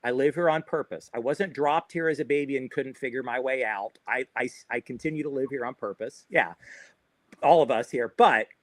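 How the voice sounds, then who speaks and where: With a mid-range, fairly bright voice and no echo, this man from Florida coaches runners on a livestream. His chatty, upbeat advice loops back on itself, and he keeps tacking "right?" onto his points.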